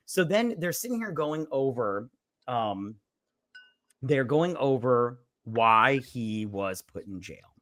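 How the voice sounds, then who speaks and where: A man's voice: mid-range voice, lively intonation, slow, fairly bright tone, no echo, clean studio sound. A man hosting a casual movie review chat, retelling scenes in a rambling way with profane asides. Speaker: podcast host.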